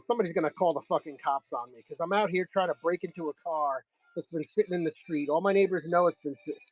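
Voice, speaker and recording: A man's voice: high voice, no room sound, poor audio. A man hosting a live comic sale, telling a rambling, profane story in a casual way.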